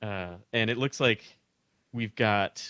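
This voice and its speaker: Guy in a roundtable chat, bright forceful voice, dry close sound, jokes around a lot. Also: fairly low pitch, slow, clean tone, dry recording. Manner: joking, tallies votes from the chat. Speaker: panelist.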